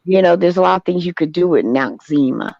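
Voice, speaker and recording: Chatty woman host with gravelly voice. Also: on the low side, brisk, dry recording. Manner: chatty, animated storytelling. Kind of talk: casual chat. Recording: dull lo-fi sound.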